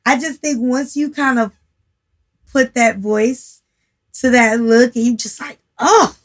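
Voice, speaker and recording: A woman from California co-hosting a podcast, chatting casually in an animated, emphatic way. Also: fairly high pitch, measured pace. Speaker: podcast co-host. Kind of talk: casual chat.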